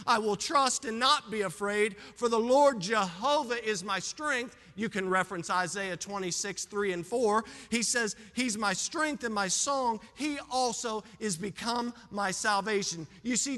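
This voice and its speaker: Hoarse man, pastor preaching, high bright voice, long hall echo. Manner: emphatic preaching with sudden loud and soft swings. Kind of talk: sermon.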